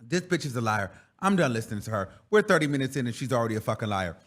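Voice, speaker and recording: A man's voice: mid-range voice, big pitch swings, quick pace, a bit bright. A man hosting a reaction show, ranting in a profane, confrontational and emphatic way. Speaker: commentary host. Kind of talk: heated reaction commentary.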